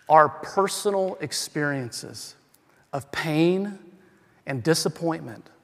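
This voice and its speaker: Male pastor, fairly high voice, emphatic preaching with rhetorical questions, long reverb from a church hall. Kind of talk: sermon.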